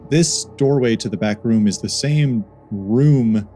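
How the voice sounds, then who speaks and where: A man narrating as dungeon master, talking casually and haltingly with many fillers. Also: mid-range voice, mellow, slight background noise. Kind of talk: narrating a tabletop game.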